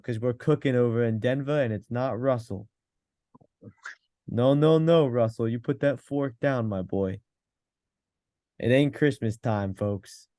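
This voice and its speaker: A man's voice: mellow, dry recording, clean studio sound, natural voice. A man putting on a brash, wisecracking Italian-American pizza guy with a put-on accent for a podcast comedy bit. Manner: swaggering, wisecracking pitchman. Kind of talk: comedic segment on a fantasy football podcast.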